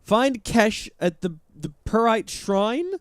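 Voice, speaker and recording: Live let's-play host: chatty man, lively pitch, dry close sound. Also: takes it slowly, clean tone, no echo. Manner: chatty, joking, reads chat aloud. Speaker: streamer playing a game.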